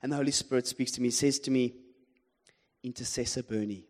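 A man's voice: medium pitch, level tone, rapid-fire. A man with a South African accent preaching a sermon, telling a story with animation and humor and putting questions to the congregation. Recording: long hall reverb.

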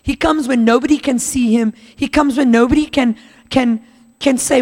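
A fairly high-voiced woman preaches in a casual, storytelling way, slipping into the voices of the people in the Bible passage. Her voice rings out with a long hall reverb around it. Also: moderate pace, a little mellow. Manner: conversational, acts out Bible dialogue in voices. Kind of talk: sermon.

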